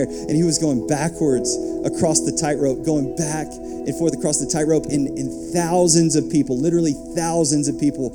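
A man delivers a sermon as an animated story, climbing to a loud, impassioned close. His voice sits a little high for a man. Loud music plays under him the whole time. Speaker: preacher.

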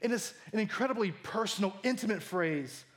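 A man in his thirties preaching a sermon, animated and jokey, acting out the lines he quotes. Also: sits high, a little fast. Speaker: pastor.

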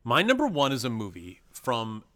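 A man co-hosting a podcast, talking through movies in a loose, rambling way. His pitch sits in the middle, and he restarts sentences often and drops crude jokes. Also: wildly swooping pitch, normal speed, fairly bright tone. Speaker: podcast co-host. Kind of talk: casual chat about movies.

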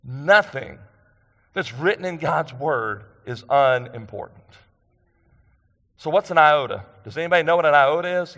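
A man's voice: on the high side, pushed and bright, in a large hall. A man preaching a sermon in a conversational way, asking the congregation questions and repeating phrases for emphasis. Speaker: pastor.

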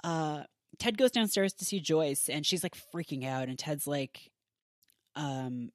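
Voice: medium pitch, a little slow, dry recording. Chatty podcast host recapping, dry sound. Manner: chatty, heavy on filler words. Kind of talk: casual episode recap.

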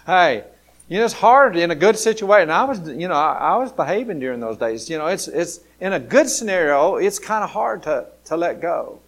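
A man's voice: a little high, big pitch swings, moderate pace. A man from Alabama with a Southern American accent, preaching a sermon. He talks conversationally and repeats his key phrases for emphasis. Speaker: pastor.

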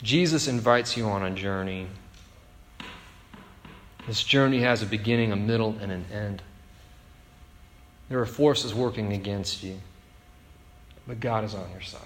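A male pastor preaching a sermon in a relaxed, conversational way, often checking in with the congregation by asking "right?". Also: fairly low pitch. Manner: conversational, frequent "right?" tag questions. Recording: echoey hall with long reverb.

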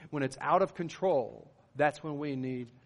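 A man's voice: fairly high pitch, measured pace, long reverb tail. A middle-aged man, a pastor, preaching a sermon in an earnest, conversational way, with rising emphatic bursts.

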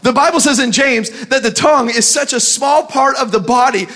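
A male pastor preaching a sermon to a church service, building to shouts and urging the congregation. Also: very high voice, moderate pace. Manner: preaching with rising shouts and call-and-response urging.

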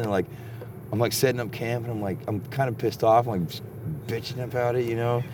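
A man's voice: mid-range voice, steady tone, fast talker, noisy background. A man telling rambling, profane stories in casual chat, recorded outdoors at a campsite. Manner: rambling, heavily profane storytelling.

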